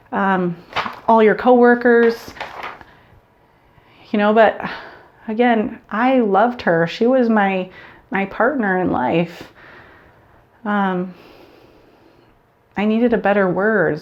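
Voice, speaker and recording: A woman's voice: fairly low pitch, highs cut off. A woman vlogger talking candidly to camera, earnest, often restarting and repeating words. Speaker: vlogger sharing grief story. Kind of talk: personal talk to camera.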